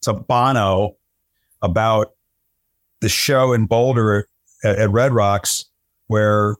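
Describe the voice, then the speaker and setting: A man's voice: fairly low pitch, fairly even intonation, slow, no echo, studio quality. A middle-aged man, a sportscaster guest, telling stories in casual conversation and often repeating words as he starts sentences.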